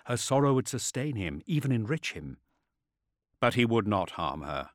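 A man reading a novel aloud as narrator, measured and expressive, sinking to a hushed intensity. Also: on the low side, no echo, clean studio sound. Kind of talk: audiobook narration.

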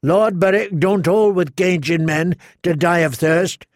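A man voicing a rough, plain-spoken male soldier in an audiobook, with rustic grammar. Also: high voice, unhurried, dry recording, studio quality, pitched above the performer's own voice. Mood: reproachful.

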